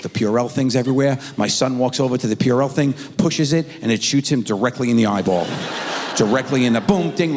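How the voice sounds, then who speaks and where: A middle-aged man telling a stand-up comedy story on stage, acting out his kids in high squeaky voices. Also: a little hiss or hum. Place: theater stage before a live audience. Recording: stage mic in a large reverberant hall.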